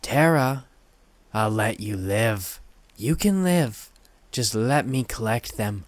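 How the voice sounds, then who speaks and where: A man voicing a menacing male axe killer who coaxes slowly, then mocks in high, loud bursts. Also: lively intonation, dry recording. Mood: coaxing. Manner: wheedling, mocking, swinging to shrill threats.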